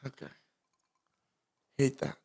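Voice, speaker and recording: A man's voice: slow, mellow. A man co-hosting a podcast, joking and bantering in casual chat. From Connecticut, USA. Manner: joking, laid-back banter. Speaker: podcast co-host.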